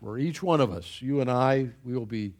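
A man preaching a sermon, exhorting his listeners emphatically and swinging between loud and soft. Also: mid-range voice, normal speed.

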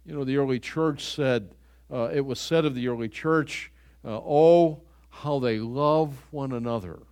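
A man's voice: medium pitch, darkish tone. Older male pastor, sermon, earnest conversational delivery, frequent restarts, church setting.

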